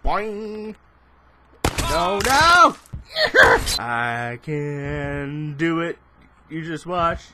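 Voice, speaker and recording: A young man doing let's play commentary, excitable and laughing, shouting in bursts. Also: on the high side, extremely slow, pauses often, noisy background. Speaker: gaming channel host.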